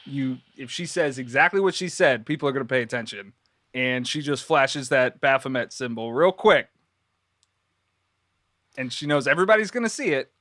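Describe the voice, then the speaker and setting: A man's voice: medium pitch, animated, moderate pace, bright, forceful tone, no room sound, clean studio sound. A man co-hosting a casual podcast chat, musing at length about conspiracy stories with loose, rambling phrasing. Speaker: podcast co-host.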